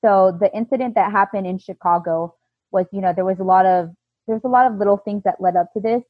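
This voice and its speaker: Woman talking earnest and halting, husky voice, dry dull lo-fi sound. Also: medium pitch, no room sound. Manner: earnest, halting, with frequent restarts. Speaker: interview guest. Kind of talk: personal storytelling in an interview.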